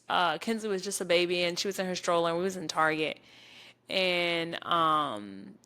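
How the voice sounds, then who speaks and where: A young adult woman from the States, co-hosting a podcast and telling animated stories in casual chat. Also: lowish voice. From southern Virginia, US. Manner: animated storyteller, addresses listeners as y'all. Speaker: podcast co-host.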